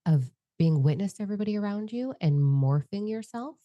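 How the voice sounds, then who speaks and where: A woman co-hosting a podcast in candid casual conversation, talking fast and without a filter, swearing freely. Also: medium pitch, animated, no room sound, muffled recording. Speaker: podcast co-host and psychic medium.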